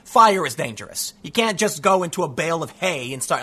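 A man's voice: on the high side, expressive, fast talker, a bit bright, husky. A man giving an emphatic news commentary, reading out reports and then ranting in casual, repetitive phrases. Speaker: political commentator.

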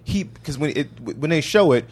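A man casually retelling a video game's ending in animated, profane detail while co-hosting a chat podcast. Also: on the high side, a little fast.

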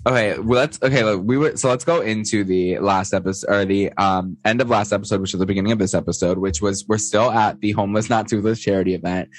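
A man co-hosting a podcast in casual chat, campy and profane, animated when he quotes others. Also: on the low side, fast, few pauses, no echo, low-quality recording. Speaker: podcast co-host.

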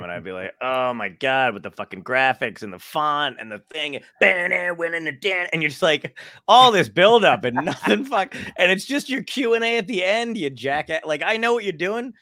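A man's voice: medium pitch, expressive, normal speed, bright, forceful tone, dry recording, clean studio sound. A male comedian hosting a podcast, bantering casually, laughing a lot and swearing freely.

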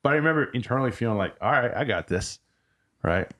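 A man's voice: mid-range voice, expressive, fast, a bit bright. A man being interviewed on a podcast. He tells a candid, profane story, rambling and restarting his sentences. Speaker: podcast guest.

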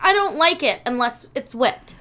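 A woman's voice: sits high, expressive, moderate pace, bright, forceful tone. A woman in her thirties chatting casually as a podcast co-host, a rambling storyteller who swears a lot. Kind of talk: casual chat.

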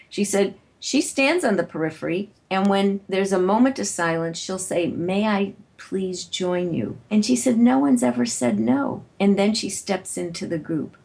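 A woman speaks in a fairly low voice with a confident, brisk delivery. She explains practical advice in the lively tone of an experienced speaker, as a guest in an interview. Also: husky. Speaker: guest, networking author and speaker.

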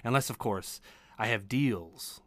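A man voicing a shrewd, mysterious woman who brokers magic items, speaking slowly as she bargains in a tabletop game. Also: fairly low pitch, no room sound, studio quality, close to an everyday voice. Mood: bargaining. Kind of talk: tabletop game role-play.

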